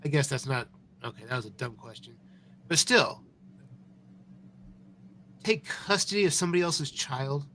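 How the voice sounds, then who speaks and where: A man's voice: medium pitch, expressive, normal speed, pauses often, bright, forceful tone, slight background noise. A man co-hosting a live stream, rambling and mocking as he reacts to a video. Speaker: stream co-host. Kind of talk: casual live-stream commentary.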